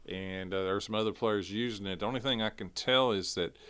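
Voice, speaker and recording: A man co-hosting a casual sports radio show, speaking haltingly with lots of fillers. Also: on the low side, fairly bright tone, smooth, no echo. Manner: halting, filler-heavy, agreeable.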